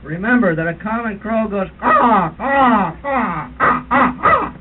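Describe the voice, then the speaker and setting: A man's voice: sits high, normal speed, close to an everyday voice. A man doing a comic roast impression of a fussy older birding tour leader, lecturing in a mock-authoritative way and imitating bird calls. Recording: tinny lo-fi 1970s tape with hiss.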